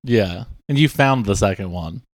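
A man co-hosting a comedy podcast as its producer, asking teasing, deadpan questions. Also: lowish voice, moderate pace, no room sound, clean studio sound.

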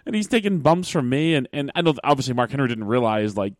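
A man's voice: mid-range voice, sing-song, fast talker, no echo, studio quality. A man talking casually about his wrestling days, rambling with many fillers and restarts. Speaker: podcast host, wrestler. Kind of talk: casual chat.

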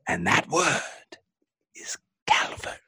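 A man on a podcast mimicking a pompous, melodramatic male captain in a high, hushed, theatrical voice. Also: takes it slowly, whispered. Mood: ominous. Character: pompous male time-ship captain, drama queen.

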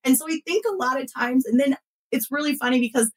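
A woman in her thirties who hosts a podcast, talking casually in an animated way and acting out what others said. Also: high voice, quick pace, poor audio. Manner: animated storytelling, acts out quotes, frequent fillers. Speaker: podcast host and former consultant. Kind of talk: casual conversational interview.

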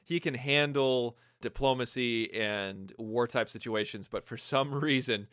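A man's voice: mid-range voice, unhurried, a bit bright, clear, resonant tone, dry recording. Dry, casual male podcast co-host. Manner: brainstorming, acts out scenes in quoted voices. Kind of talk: casual fan chat.

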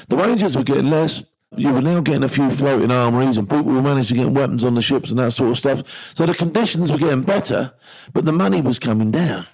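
Gravelly middle-aged man telling war stories. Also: medium pitch, darkish tone, rough recording. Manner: blunt, vivid storyteller who builds tension and swears casually. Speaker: former maritime security guard. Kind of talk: first-person storytelling.

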